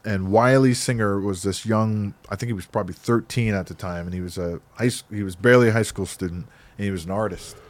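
A man, a guest on a podcast, telling animated stories about his past in a casual way, often adding "right?". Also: lowish voice, quick pace, few pauses. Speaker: podcast guest, skateboard company founder. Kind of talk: casual storytelling.

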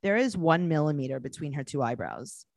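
A woman's voice: sits low, lively intonation, a little fast, vocal fry, dry recording. A woman co-hosting a podcast, chatting in a playful, teasing way. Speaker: podcast co-host. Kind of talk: casual podcast chat.

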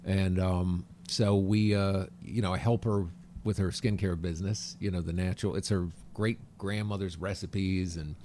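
A man's voice: low voice, fairly even intonation, darkish tone, slight background noise. A middle-aged man chatting as a guest on a podcast. He rambles and halts, with many restarts and fillers. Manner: rambling, halting, full of restarts. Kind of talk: casual chat.

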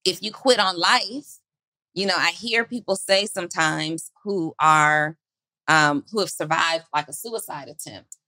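A woman's voice: on the low side, unhurried, bright, forceful tone, no echo, rough recording. A woman hosting a motivational podcast, preaching through repeated rhetorical questions. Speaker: podcast host.

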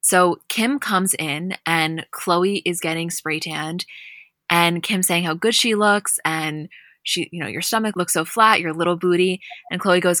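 Bright, chatty woman recapping a show. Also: lowish voice, normal speed, dry recording, clean studio sound. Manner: chatty, animated storytelling. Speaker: podcast co-host. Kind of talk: casual recap chat.

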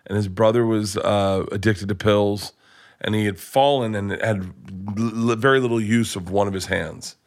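Rambling, lower-voiced male storyteller. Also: moderate pace. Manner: rambling, animated, full of restarts. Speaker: comedian guest. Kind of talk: storytelling anecdote in conversation.

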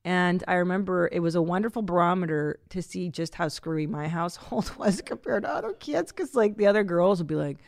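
A woman in her forties with a low, gravelly voice riffs through a casual comedic podcast monologue. She is chatty and self-mocking, laughing often. The sound is dry and close. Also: animated, fairly quick, few pauses, dry recording. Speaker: podcast host.

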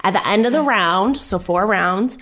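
A woman's voice: medium pitch, expressive, normal speed, a bit bright. A young adult woman hosting a podcast trivia game, chatty and full of filler words. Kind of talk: casual podcast chat.

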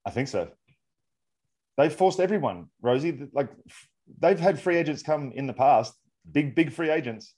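A man's voice: a little high, moderate pace, slightly rough. A man co-hosting a podcast, chatting casually and poking fun at himself. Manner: animated, self-deprecating. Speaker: podcast co-host. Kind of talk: casual sports banter.

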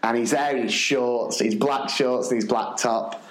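A man, a podcast host and teacher, telling stories in a casual, animated way, laughing often and acting out other people's voices. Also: mid-range voice, a little slow. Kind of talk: casual storytelling. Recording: echoey room.

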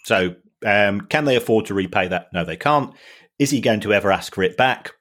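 A middle-aged man co-hosting a podcast, explaining football finance in a halting way and often repeating words as he goes. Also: fairly low pitch, expressive, a bit bright. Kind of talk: casual podcast chat.

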